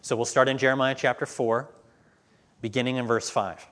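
A man preaching a sermon, reading scripture slowly and with weight, then talking plainly to his listeners. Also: medium pitch, fairly even intonation, fairly bright tone. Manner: reads scripture slowly and emphatically, then talks plainly to the congregation.

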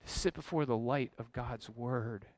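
A man's voice: medium pitch, unhurried, a little mellow, no echo. A man preaching an expository sermon as pastor, earnest, building to emphatic questions.

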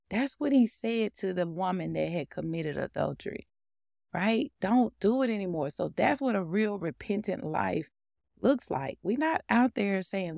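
Lively woman preaching casually, gravelly edge. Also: mid-range voice, measured pace, no room sound, clean studio sound. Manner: animated, conversational, laughing often. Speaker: podcast host. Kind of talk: informal devotional teaching.

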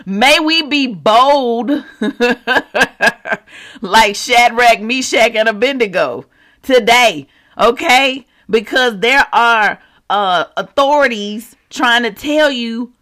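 A preacher teaching scripture in a casual, animated way, reading verses and turning to the listeners with quick asides. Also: mid-range voice. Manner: animated, talks straight to the audience with asides; slangy and conversational while quoting scripture. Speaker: Bible teacher.

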